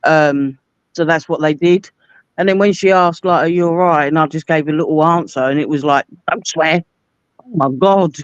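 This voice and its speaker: A woman's voice: deep voice, fairly even intonation, fairly quick, smooth, no room sound, dull audio. A Cockney woman in her forties, telling chatty personal stories in a casual conversation. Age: 40s. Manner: chatty anecdotal storyteller. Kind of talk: casual chat.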